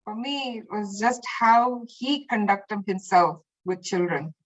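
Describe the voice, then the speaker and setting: A woman guest chatting about memories of her teacher, animated and full of restarts. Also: medium pitch, unhurried, poor audio. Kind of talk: casual spoken reminiscence.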